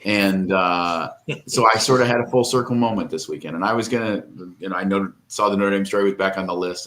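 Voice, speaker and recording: A man's voice: sits low, fairly quick, fairly bright tone. A middle-aged man co-hosting a podcast, telling a long, rambling, emotional story in casual chat and tearing up. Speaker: podcast co-host.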